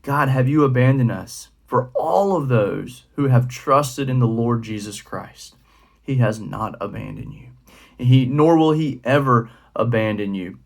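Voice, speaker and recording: A man's voice: medium pitch, measured pace, gravelly. Casual young male youth pastor. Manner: relaxed and conversational, with many fillers. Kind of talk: casual devotional talk.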